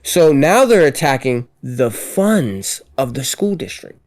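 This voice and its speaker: A man who works as a teacher, co-hosting a podcast in relaxed, halting casual chat. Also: medium pitch.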